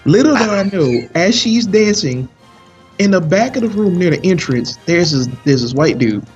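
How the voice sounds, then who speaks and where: A man telling a long story in casual chat during a live game stream, animated and full of slang. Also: sits high, normal speed, dull audio, soft background music. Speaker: stream commentator.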